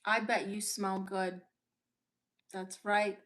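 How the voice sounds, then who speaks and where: A woman's voice: medium pitch, level tone, slow pace, fairly bright tone. A woman from Brooklyn with a Brooklyn accent, hosting a casual livestream and answering viewer comments in a blunt, sassy, unapologetic way. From Brooklyn, New York. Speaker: livestream host.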